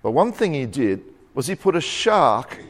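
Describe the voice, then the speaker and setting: A man's voice: medium pitch, big pitch swings, moderate pace. A man preaching a sermon, telling a joke and laughing at his own punchlines. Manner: jokey storyteller, chuckles at own jokes.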